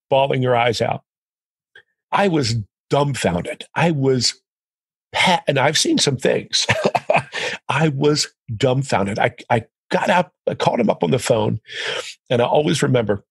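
Middle-aged male guest, raspy and gravelly, animated storyteller. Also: medium pitch, no echo. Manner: animated, quotes others in dialogue. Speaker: podcast guest. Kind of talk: storytelling in conversation.

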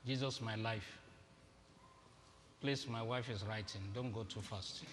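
A man's voice: fairly low pitch, fairly even intonation, a little slow, heavy background noise. A man giving a humorous, interactive sermon, directing volunteers on stage in a large auditorium. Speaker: guest preacher. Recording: echoey hall with faint ambience.

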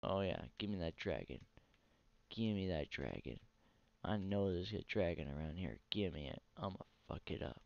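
Speaking at a moderate pace, a tired man with a low, creaky, darkish but animated voice rants crudely and bluntly while playing a console game for his gaming channel. It's casual let's play commentary, recorded dry on a dull lo-fi mic with no echo.

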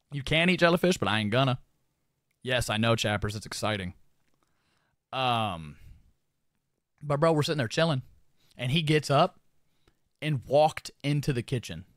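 A young man streamer telling a funny story to his chat in a casual, animated, profane way, often laughing. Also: mid-range voice, no room sound, studio quality.

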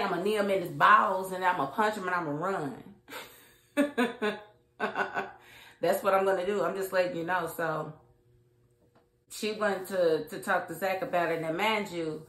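A woman's voice: medium pitch, a bit bright. A woman giving a casual, outspoken recap and review of a TV episode, acting out the characters' lines as she goes. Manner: chatty, acts out characters' lines; colloquial, outspoken. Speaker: TV show reviewer. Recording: roomy echo.

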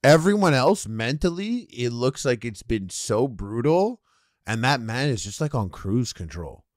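A man's voice: medium pitch, big pitch swings, measured pace, no room sound. A man co-hosting a podcast in loose banter. He talks with slang and jokes and keeps slipping into mocking impressions. His voice is mid-range, and the sound is dry and close. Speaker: podcast co-host. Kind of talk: casual chat.

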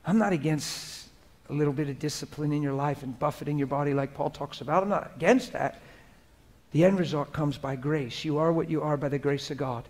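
Middle-aged male preacher, fairly high voice, soft prayer turning loud and lively, live church sermon. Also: a little fast. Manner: swings from hushed prayerful murmur to loud animated laughing storytelling. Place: church hall before a live congregation.

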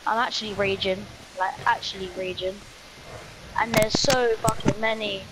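A man's voice: sits high, fairly even intonation, moderate pace, very noisy. A man, swearing and ranting in casual gaming chat. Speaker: gamer.

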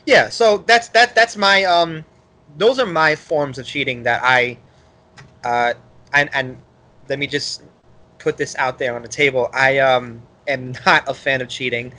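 A man with a Brooklyn accent co-hosting a casual podcast chat, loud and enthusiastic, laughing often. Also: mid-range voice, steady tone, measured pace. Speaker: podcast co-host.

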